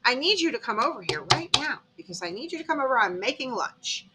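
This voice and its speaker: A woman's voice: high-pitched, sing-song, fast talker, heavy background noise. A woman voicing a pushy matchmaking mother. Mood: insistent. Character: pushy mother figure arranging a setup.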